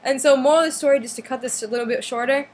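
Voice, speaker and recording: A woman's voice: high voice, steady tone, very fast. A young woman casually telling a long story, with "like" in nearly every phrase and squealing when she acts out others. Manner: chatty, full of "like", acts out others' lines in a squealy voice. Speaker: fan recounting a concert trip.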